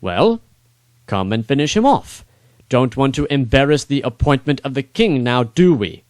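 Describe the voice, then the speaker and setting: A man's voice: mid-range voice, sing-song, moderate pace, darkish tone, no room sound, voice pushed up, lightly acted. A man voicing a commanding, sardonic medieval king who barks orders with cold scorn. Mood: wry.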